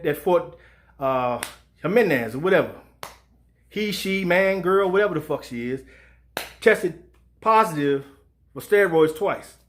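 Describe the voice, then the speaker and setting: Fired-up man ranting about boxing. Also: high voice. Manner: profane, animated, acts out quoted voices. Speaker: sports show host. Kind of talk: heated boxing commentary rant.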